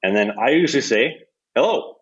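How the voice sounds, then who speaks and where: A young man rattles off stories at a quick clip. His voice is a little husky and his language is salty, full of restarts. The recording sounds dull and muffled. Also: medium pitch. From Canada. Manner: profane, animated storyteller with frequent restarts. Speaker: guest, hockey goalie. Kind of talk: casual storytelling chat.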